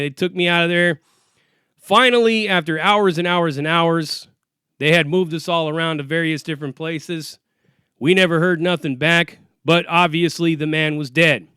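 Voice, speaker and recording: A former inmate tells a casual, profane, streetwise story about jail, acting out what people said. His fairly high voice is bright, forceful, clear and resonant, with fairly even intonation at normal speed, in a dry, clean studio recording.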